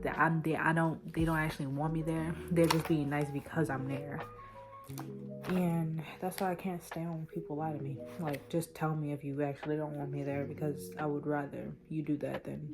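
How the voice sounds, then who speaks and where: Low-voiced young woman vlogging candidly. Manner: candid, emotional, swings from quiet to loud. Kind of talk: casual confessional vlog.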